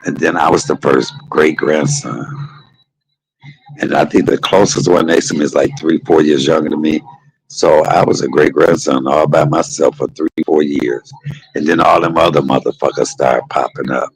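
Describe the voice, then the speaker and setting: Speaking at normal speed in a creaky bass voice, a middle-aged man hosts a livestream and rambles through casual stories in everyday vernacular, one memory leading to the next. His intonation stays fairly even, and the recording is rough.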